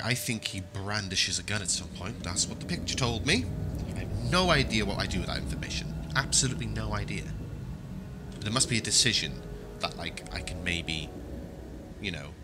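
A man doing let's play commentary, jumpy, wisecracking and swearing. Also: fairly low pitch. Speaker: gaming YouTuber.

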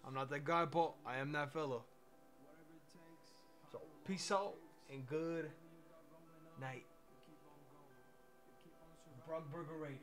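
A man's voice: a little high, takes it slowly, pauses often, fairly bright tone, soft background music. A man streaming live, chatting casually in a rambling, laid-back way and swearing freely. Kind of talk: casual livestream chat.

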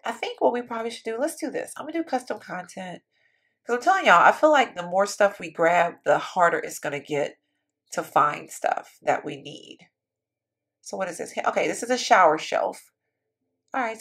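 A woman's voice: mid-range voice, a bit bright, breathy edge. A woman giving casual, chatty commentary while building in a life-sim game, thinking aloud and talking to her viewers. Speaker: Sims building YouTuber.

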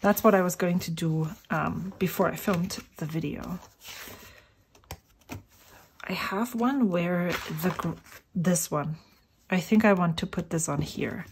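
A middle-aged woman who vlogs about fountain pens sits at her home desk swatching inks, rambling casually and thinking aloud, now and then sinking to a whisper. Her voice is lowish and slow with long pauses, and there's a little hiss or hum in the audio.

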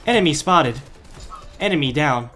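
A man voicing a deadpan male cat AI bot, announcing things in a flat, monotone way. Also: fairly high pitch, normal speed, soft background music.

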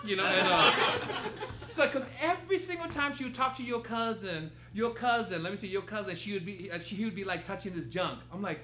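Telling a funny story at a live improv theater, the guest storyteller speaks fairly quickly in a high-pitched voice. He's lively and laughing, and he acts out the quotes. The sound is echoey, with noise from the theater.

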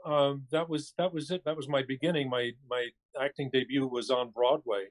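A man's voice: mid-range voice, fairly even intonation, normal speed. An older male actor, speaking on a cell phone as a podcast guest and recalling his career in an easygoing, reflective and wry way. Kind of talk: casual interview chat.

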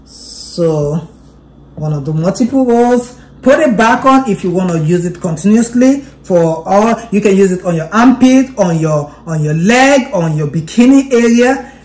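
A woman reviewing a beauty product in a chatty, excitable vlog, often repeating herself as she demonstrates it. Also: medium pitch, a little slow. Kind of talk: casual product demo vlog.

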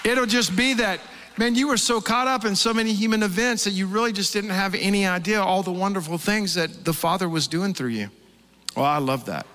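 A middle-aged pastor with a drawl delivers his sermon in a bright, forceful tenor, slightly high for a man. He tells his stories with lively animation and bursts into acted-out quotes. His voice rings through a big church hall with a long reverb tail. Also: a little fast. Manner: animated storytelling, acts out quotes.

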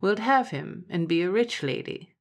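A woman voicing a poor, worried old country grandfather who speaks gravely in old rustic speech. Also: fairly low pitch, expressive, moderate pace. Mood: solemn.

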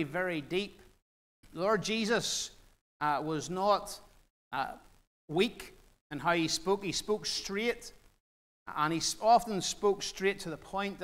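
A man with a North Antrim accent preaching a sermon in church, earnest and direct, with fillers and deliberate pauses. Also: a little high, a bit bright. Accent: Northern Irish, North Antrim. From Northern Ireland, North Antrim. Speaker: guest preacher. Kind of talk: sermon with Bible reading.

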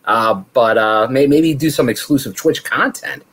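A man's voice: medium pitch, normal speed, fairly bright tone, slightly rough. A man co-hosting a podcast in casual chat, making joking asides. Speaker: podcast co-host.

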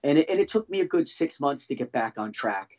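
A man telling his own story as a podcast guest, halting and restarting often as he talks. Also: mid-range voice, expressive, a little mellow, highs cut off. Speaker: guest, former band drummer. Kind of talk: casual podcast interview storytelling.

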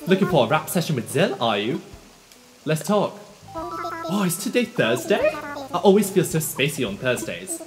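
A man's voice: on the high side, huge pitch swings, moderate pace, over music, pitched above the performer's own voice. A man voicing a cool, laid-back male deer villager in a video game, with an attempted East End London accent and a drawling, slangy delivery.

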